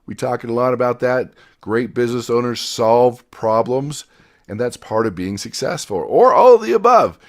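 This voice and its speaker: A man teaching a motivational business class, energetic and storytelling, with loud emphatic bursts and quiet asides. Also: mid-range voice, moderate pace. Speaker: success coach.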